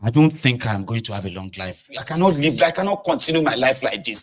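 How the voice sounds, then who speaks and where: A man with a Nigerian accent delivers a brisk, casual commentary monologue, telling an animated story that swings from loud outbursts to low muttering. He mixes pidgin and Yoruba words into his speech.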